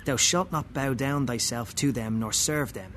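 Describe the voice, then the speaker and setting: A man's voice: medium pitch, normal speed, a bit bright, a little hiss or hum. Man reading a wry first-person story. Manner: wry, muttering asides.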